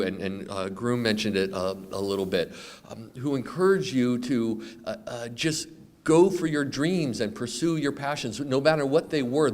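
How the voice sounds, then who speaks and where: A man in his fifties giving an earnest, heartfelt award acceptance speech, halting with many fillers and restarts. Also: medium pitch. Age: 50s. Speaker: award recipient. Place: awards event.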